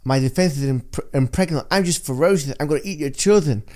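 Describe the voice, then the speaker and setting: A man's voice: on the high side, fast talker, a little mellow, voice pushed up, close to an everyday voice. A man with a London accent doing an impression of a famous boxer giving a fierce, boastful speech that halts and stumbles on its words.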